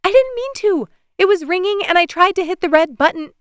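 A woman voicing an excitable little girl who calls out high and eager. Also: fairly quick, dry recording, clean studio sound. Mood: flustered.

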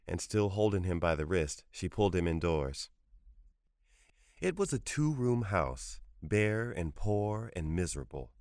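A man giving a measured, scripted narration of a short story. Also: low voice, expressive, darkish tone, no room sound, clean studio sound. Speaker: audiobook narrator.

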